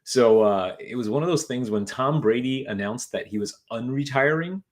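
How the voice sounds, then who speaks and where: A man's voice: medium pitch, lively intonation, moderate pace. A man hosting a casual talk on retirement money, chatty and joking, with many fillers and restarts. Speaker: financial advisor, video host.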